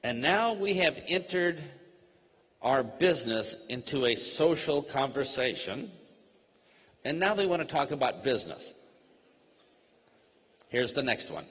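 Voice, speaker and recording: A man giving a network marketing training, speaking slowly and simply and acting out short sample dialogues. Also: medium pitch, sing-song, a bit bright. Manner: slow, plainly worded, acts out sample dialogue. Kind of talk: slow, simple teaching talk. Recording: long hall reverb.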